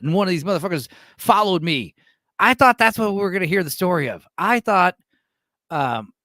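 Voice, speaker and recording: A man in his late thirties hosting a live stream and reacting with profane, animated commentary. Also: fairly high pitch, no room sound, studio quality. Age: 30s. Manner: animated, profane, laughs often. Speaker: streamer host.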